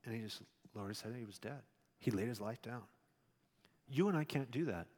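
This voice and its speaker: Male pastor, conversational sermon, swings loud then soft, mid-pitched voice, long hall echo. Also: fairly quick. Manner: conversational preaching, shifts between loud emphasis and quiet asides.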